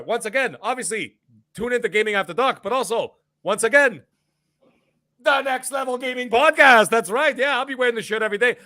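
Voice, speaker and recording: A man's voice: sits high, bright, forceful tone, no echo, clean studio sound. A man co-hosting a gaming podcast in a brash, profane, mocking comedic persona. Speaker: podcast co-host. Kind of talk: comedic in-character banter.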